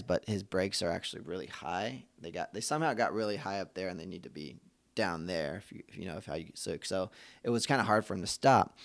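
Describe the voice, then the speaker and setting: Low and gravelly, the host's voice comes through with no echo as he talks to fellow dads on his podcast. He reflects earnestly in a casual monologue, often starting sentences over and performing the voices of those he quotes.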